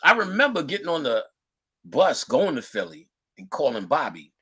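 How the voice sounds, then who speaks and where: A man's voice: on the high side, wildly swooping pitch, normal speed, pushed and bright, slightly rough. A man lecturing in casual storytelling mode, using profane street slang and acting out the voices of people in his story.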